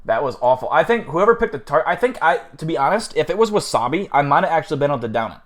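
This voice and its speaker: A man's voice: on the high side, big pitch swings, rapid-fire, fairly bright tone. Casual male streamer, rambling and profane, flustered, self-mocking. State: flustered after eating something awful. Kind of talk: casual live-stream chat.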